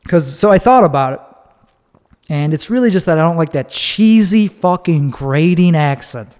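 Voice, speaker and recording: A man hosts his own podcast alone, talking on his feet in a loose, profane, opinionated ramble. His voice sits a little high for a man. The sound carries a long reverberant tail. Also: animated, moderate pace, darkish tone. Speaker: podcast host. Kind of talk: solo podcast monologue. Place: recorded standing up.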